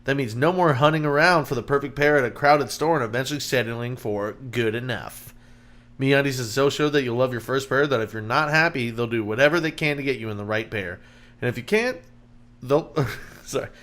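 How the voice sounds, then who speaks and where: A man's voice: medium pitch, lively intonation, brisk, a bit bright. A man co-hosting a podcast, reading a sponsor ad casually and joking around with his co-host. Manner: joking, breaks up laughing while reading. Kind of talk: casual ad read.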